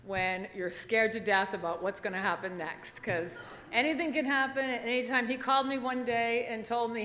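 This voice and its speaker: A woman giving a chatty, halting speech at an awards dinner, with plenty of fillers and small laughs. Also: fairly high pitch, fairly even intonation, a bit bright. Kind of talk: nervous, chatty acceptance speech. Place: banquet hall at an awards dinner. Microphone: podium microphone. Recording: echoey banquet hall with faint noise.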